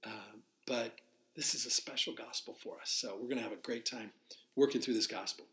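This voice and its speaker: A man's voice: medium pitch, a little fast, a bit bright, reverberant. A man teaching verse by verse from the Bible as a pastor, in a conversational, unscripted way, often restarting his sentences. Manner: conversational, restarts and fillers, spells out Greek words. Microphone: live broadcast to listeners.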